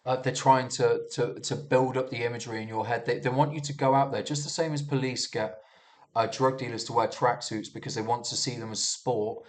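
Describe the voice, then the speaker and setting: A man's voice: medium pitch, steady tone, fairly quick. A young man casually rambling through commentary on news headlines, swearing and restarting often. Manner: restarts a lot, swears, muses aloud. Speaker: vlogger reviewing news.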